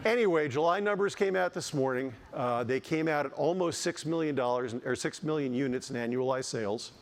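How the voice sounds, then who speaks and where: Keynote speaker, middle-aged man, mid-pitched, lively delivery, quick jokes, restarts mid-sentence. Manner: animated, joking asides, frequent restarts. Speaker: keynote speaker, housing economist. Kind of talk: conference keynote talk. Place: conference stage.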